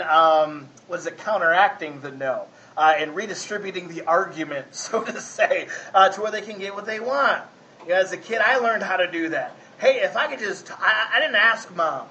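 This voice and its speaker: Man, pastor, folksy conversational sermon, high voice, bright tone. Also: slight background noise, low-quality recording. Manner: folksy, asks the congregation 'right?'.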